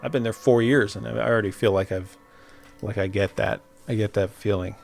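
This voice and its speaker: A man's voice: lowish voice, fairly even intonation, a little fast, vocal fry. A young adult man in casual chat, telling a ghost story with swearing and laughter.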